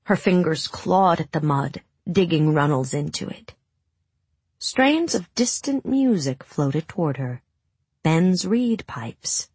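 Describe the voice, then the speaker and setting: A woman reading a story aloud in measured, dramatic audiobook narration. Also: deep voice, big pitch swings, a little mellow, breathy edge, dry recording.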